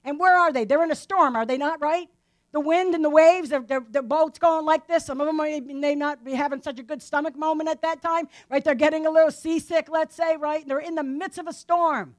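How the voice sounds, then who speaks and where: Woman, high voice, conversational preacher, rhetorical questions to the listeners. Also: fairly even intonation, brisk. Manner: asks the listeners rhetorical questions, tags lines with "right?". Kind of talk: conversational Bible teaching.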